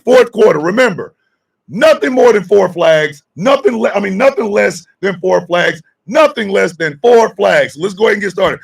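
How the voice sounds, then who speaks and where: Loud raspy man riffing on a radio show. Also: high voice. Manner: shouting, mocking, excitable riffing. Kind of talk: loud comedic commentary.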